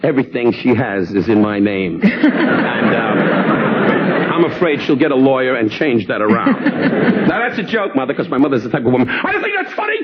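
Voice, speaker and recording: A man's voice: very animated, over a noisy crowd. Fifty-something man firing off insult jokes. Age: 50s. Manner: rapid insult jokes, mock sincerity, high put-on voices in quotes. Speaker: comedian guest. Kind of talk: talk show banter. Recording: muffled old TV broadcast with hiss.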